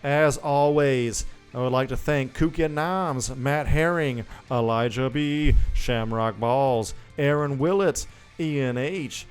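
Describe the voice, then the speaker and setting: Smooth-voiced laid-back podcast co-host. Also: male voice, medium pitch, takes it slowly, few pauses, faint music behind. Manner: loose and swearing, laughs often. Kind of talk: casual chat.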